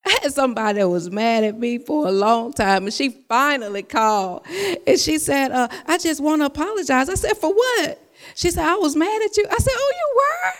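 A woman's voice: sits high, lively intonation, fairly quick. Woman preaching in an echoing hall. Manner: conversational preaching, repeats phrases, tells personal stories. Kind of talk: sermon.

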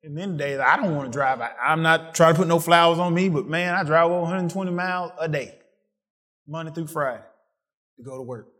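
A man preaching a sermon, asking the congregation questions and swinging from excited peaks to quiet asides. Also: fairly quick. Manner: call-and-response preaching, rising to excited peaks then dropping low.

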